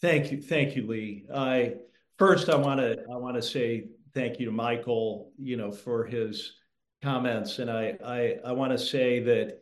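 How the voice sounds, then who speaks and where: A man answers very slowly, halting and earnest, often starting a sentence twice before it comes out. His pitch is middling, and his voice carries the echo of a room. He is on a remote call. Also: fairly even intonation. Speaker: guest author. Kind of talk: interview answer. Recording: echoey room.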